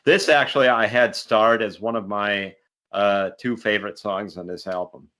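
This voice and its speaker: A man co-hosting a podcast in casual chat, talking hesitantly with many pauses and trailing off in doubt. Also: lowish voice, steady tone, pushed and bright. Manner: hesitant, many ums and I-don't-knows. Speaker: podcast co-host.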